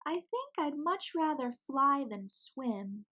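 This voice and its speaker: Timid penguin chick, girl, high and small, unsure, pleading; a woman reads her in a storybook. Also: big pitch swings, slow pace, bright, forceful tone, heavily acted. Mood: wistful.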